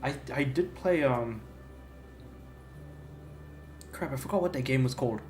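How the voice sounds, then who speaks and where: This young game streamer talks quickly in a mid-range, slightly mellow voice, rambling through casual livestream chat full of fillers and restarts. The room is echoey, and faint music plays in the background.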